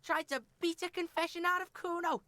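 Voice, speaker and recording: A woman's voice: very high voice, fairly even intonation, a little fast, pushed and bright, dry recording. A sneering, foul-mouthed pre-teen boy, voiced by a woman. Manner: sneering, profane taunting.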